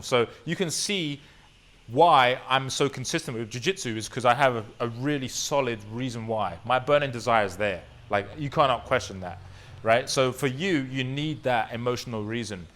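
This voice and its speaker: A man's voice: mid-range voice, normal speed, fairly bright tone. A young man, a fitness coach, delivering an emphatic motivational course lesson and often checking in with "right?". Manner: earnest and emphatic, with frequent "right?" tag questions.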